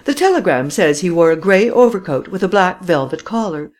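A woman voicing a calm, matter-of-fact male police commissary in a storybook reading. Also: fairly low pitch, fairly quick. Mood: questioning.

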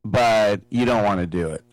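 A man's voice: lowish voice, unhurried, dry recording, soft background music, rough recording. A man hosting a casual radio talk show, rambling and joking with lots of fillers, on a studio microphone. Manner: rambling, jokey, with many fillers.

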